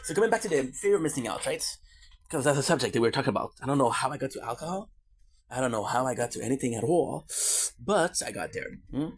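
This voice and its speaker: Husky man rambling through goofy tangents. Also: medium pitch. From Quebec, Canada. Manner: goofy, rambling on side tangents, swearing and joking. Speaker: streamer. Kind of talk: casual rambling monologue.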